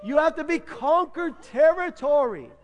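A man preaching as pastor in a church, playful and laughing, acting out people's excuses in a lively sermon. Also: very high-pitched, a little slow. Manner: playful, acts out congregants' excuses, frequent laughter. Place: church sanctuary.

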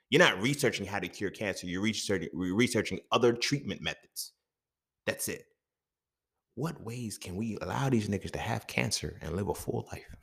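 Lively, low-voiced, cursing podcast man. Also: normal speed, vocal fry. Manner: profane, animated, rhetorical questions. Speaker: podcast host. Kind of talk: casual monologue.

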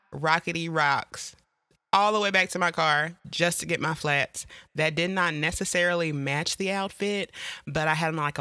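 A woman's voice: pushed and bright, no echo, clean studio sound. A woman, chatting casually as a podcast host and telling stories. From Eastern North Carolina, US. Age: 30s. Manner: chatty, storytelling, quotes herself in a higher voice. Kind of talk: casual solo podcast chat.

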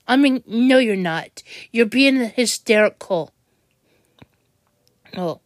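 A young woman venting in an upset, halting way, often restarting her sentences. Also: on the high side, lively intonation, no echo. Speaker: vlogger. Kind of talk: venting monologue.

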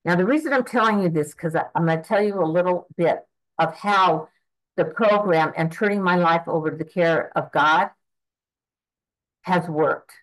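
An eighty-year-old woman tells her own story at a recovery meeting. She speaks in a fairly low voice for a woman, earnest and rambling, and keeps restarting her sentences. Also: moderate pace, poor audio. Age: 80s. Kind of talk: personal testimony at a twelve-step meeting.

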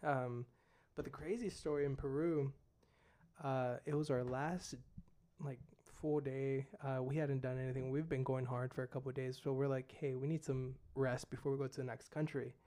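A man's voice: mid-range voice, steady tone, moderate pace, warm tone. A young man, a missionary guest, casually telling a story and saying "dude" and "like" a lot. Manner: laid-back, fillers like "dude" and "like".

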